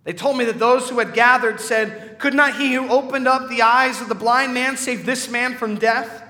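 A man's voice: very high-pitched, steady tone, normal speed, sharp tone, voice pushed up. A man voicing Lazarus, a man raised from the dead, in an emphatic recital of a poem. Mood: awed. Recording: echoey hall reverb.

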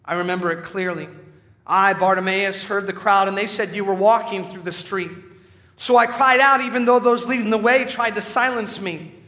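A man reciting as a fervent once-blind beggar, his voice high, bright and raised well above his plain talk. It rings out in a long, echoey hall. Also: moderate pace. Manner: impassioned poetic recitation. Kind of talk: dramatic poem recital.

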